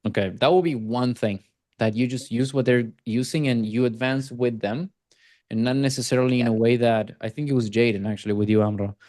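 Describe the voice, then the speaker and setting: A man teaching closing techniques to a sales team on a casual video call, acting out quick replies from prospects as he goes. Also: medium pitch, steady tone, darkish tone, no echo, studio quality. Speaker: sales trainer.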